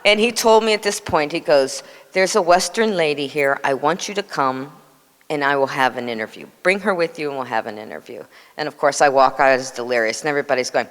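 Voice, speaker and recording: A woman in her sixties with a low voice tells an animated personal story, slipping into other people's voices. The sound carries a long hall reverb. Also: a little fast. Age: 60s. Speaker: devotee sharing memories.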